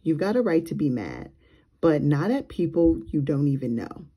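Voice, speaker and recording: Brief: a woman doing a sure-of-herself young girl, blunt and sassy, in a slightly raised, husky voice. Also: sits low, big pitch swings, normal speed, highs cut off, full character voice. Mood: firm. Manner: blunt, self-assured.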